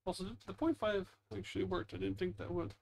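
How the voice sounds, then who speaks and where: A man with a high voice and a gravelly, creaky edge gives casual gameplay commentary. He chats away and talks to himself as he plays, like a gaming YouTuber. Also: quick pace, darkish tone. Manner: chatty, talks to himself while playing.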